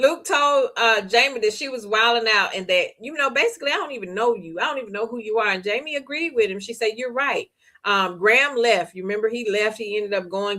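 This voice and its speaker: A woman, hosting a book club discussion. She talks in a chatty, animated way, laughs often and reads viewer comments aloud. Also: medium pitch. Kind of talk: casual book discussion recap.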